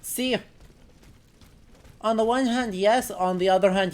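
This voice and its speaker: A history streamer casually comments on a video game during a live stream, musing aloud, correcting himself, and talking to his chat. His voice sits high and his pace is a little slow.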